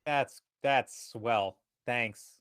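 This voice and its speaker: A man playing a tabletop role-playing game, narrating his character's actions in first person, animated and profane. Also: medium pitch, very slow, smooth, no room sound. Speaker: player.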